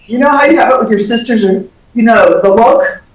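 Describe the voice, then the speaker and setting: An older woman from the American South with a Southern accent, giving an animated lecture to health workers and laughing often. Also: on the high side, quick pace, a little hiss or hum. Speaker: communication professor giving a lecture. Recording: echoey dull recording from far off.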